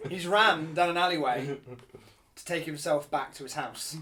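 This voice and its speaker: A man's voice: on the high side, slow pace, bright, forceful tone. A young man with a Nottingham accent, a playful guest in a casual comedy chat. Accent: Nottingham English. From Nottingham, England.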